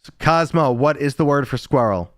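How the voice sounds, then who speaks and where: Fairly high-pitched and lively in intonation, this American streamer in his thirties talks at a normal pace. He reads chat, tells rambling stories, and swears here and there. The audio is studio quality with no echo.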